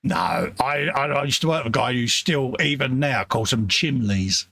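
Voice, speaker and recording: A middle-aged man with a gravelly, husky voice, swinging his pitch around a lot as he chats. He jokes, laughs and reads viewer messages aloud in casual live-stream banter. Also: expressive, moderate pace, bright, forceful tone, no room sound. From England. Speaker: co-host of a live hobby stream.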